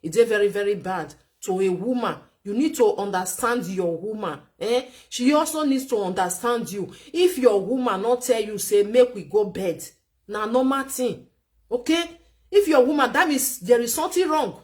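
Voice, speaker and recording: A woman's voice: on the high side, animated, moderate pace, darkish tone. A woman with a Nigerian Pidgin accent giving relationship advice in chatty, lecturing commentary, repeating points for emphasis. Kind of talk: casual commentary.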